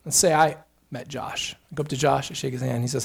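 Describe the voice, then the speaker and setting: A male pastor preaching a sermon with earnest emphasis, rising on key points and adding quick asides to the congregation. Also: mid-range voice, fairly even intonation, creaky, breathy edge.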